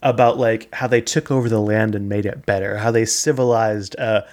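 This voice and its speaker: A man's voice: on the low side, fairly even intonation, moderate pace, darkish tone. A man with kids, chatting and laughing a lot while recapping a movie, often restarting his sentences. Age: adult parent. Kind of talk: casual comedic movie recap chat.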